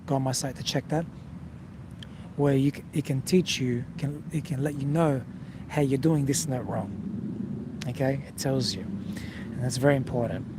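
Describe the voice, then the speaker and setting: A man's voice: mid-range voice, normal speed, pauses often, noisy background. A man teaching singing in a casual video lesson, talking straight to the viewer and checking in with frequent "okay?"s. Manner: direct, coaching, frequent "okay?" check-ins.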